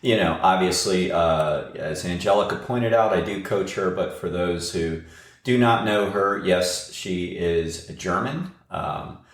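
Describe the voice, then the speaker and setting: A man's voice: deep voice, unhurried, roomy sound. A man hosting a podcast and interviewing a guest in a chatty, rambling way, with plenty of uhs. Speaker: podcast host and running coach.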